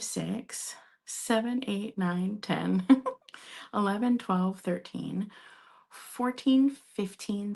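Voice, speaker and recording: A chatty woman runs a live vintage sale from her home, talking straight to her viewers. Her voice sits at a middle pitch and stays upbeat and casual, with quick asides to the chat. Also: gravelly, fairly bright tone. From Minnesota. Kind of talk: casual live-stream selling.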